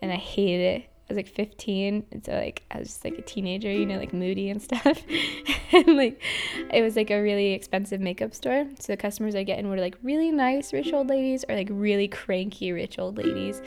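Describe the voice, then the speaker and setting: A woman's voice: mid-range voice, fairly quick, creaky, darkish tone, soft background music. A young woman from Idaho telling stories about her old jobs, chatty, with many fillers and frequent giggles. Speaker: interviewee. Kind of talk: casual storytelling.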